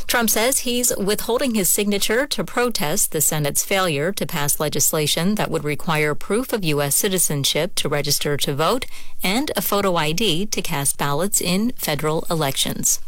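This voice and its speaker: A woman newscaster reading scripted news headlines in a measured, formal way from a studio. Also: sits low, fairly bright tone, dry recording.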